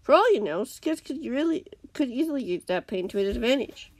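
A woman's voice: on the high side, animated, a little fast, darkish tone, voice pushed up. Woman reading as a defiant young male hero. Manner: wary, challenging.

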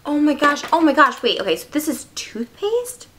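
A young woman vlogging an unboxing in a bubbly, excitable, gushing way. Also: high voice, moderate pace, a little hiss or hum. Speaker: beauty vlogger. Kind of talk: casual unboxing vlog.

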